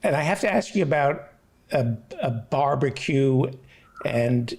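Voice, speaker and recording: A man's voice: mid-range voice, animated, measured pace, gravelly, a little mellow. A man hosting a casual chat, laughing along and encouraging his guest. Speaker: host.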